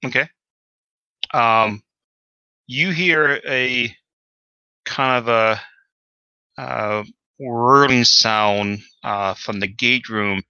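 Give me a bright, smooth-voiced man as game master, pausing often with ums and uhs. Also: medium pitch, no room sound, lo-fi sound. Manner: halting, many uh and um fillers. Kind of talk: narrating a tabletop game.

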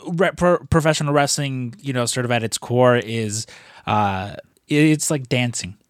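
A male podcast host at mid pitch keeps stumbling and restarting his sentences, padding them with "you know." His voice sits close and dry, with no room around it. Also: moderate pace, dry recording. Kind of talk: casual podcast interview.

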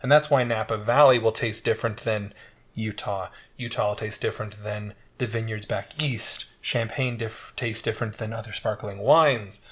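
A man's voice: lowish voice, steady tone, normal speed. A man co-hosting a casual podcast chat, explaining a topic at length in a lecturing but easygoing way. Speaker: podcast co-host explaining wine.

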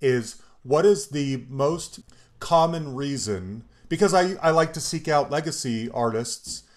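A man's voice: on the high side, lively intonation, unhurried. A man hosting a music podcast, asking curious questions in a casual, chatty way. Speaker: podcast host. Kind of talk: casual interview.

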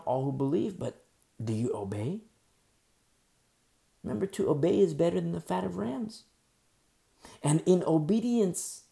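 Male preacher, gravelly fry, repeats phrases, asks rhetorical questions. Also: a little high, warm tone. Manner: teaching verse by verse, repeating key phrases for emphasis. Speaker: pastor. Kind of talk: sermon.

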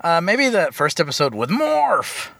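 A man's voice: a little high, wildly swooping pitch, measured pace, creaky, fairly bright tone, dry recording. A man co-hosting a movie podcast in casual chat, sarcastic and profane, ranting his opinions. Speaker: podcast co-host.

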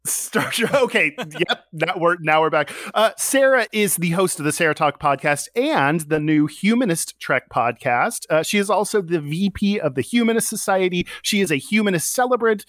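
A man's voice: high-pitched, lively intonation, moderate pace, few pauses, fairly bright tone, dry recording, studio quality. A man hosting a casual podcast, chatting and laughing, often restarting his sentences. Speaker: podcast host.

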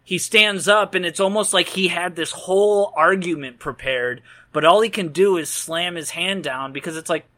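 A man's voice: high-pitched, moderate pace, few pauses, pushed and bright. A man co-hosting a casual movie podcast, rambling and joking as he talks through scenes. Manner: rambling, jokey, laughs at own lines. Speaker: podcast co-host. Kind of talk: casual film discussion.

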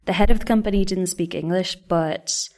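A woman's voice: lowish voice, moderate pace, darkish tone. A young woman telling travel stories in a chatty, self-deprecating way. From Ireland. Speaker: vlogger. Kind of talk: scripted travel storytelling.

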